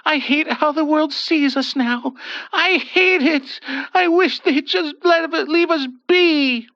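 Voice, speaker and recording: A man voicing an elderly wife who is weepy, passionate and defiant, with high wailing pleas. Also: very animated, unhurried, fairly bright tone, no room sound, heavily acted. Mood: distraught. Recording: dull dry lo-fi voice.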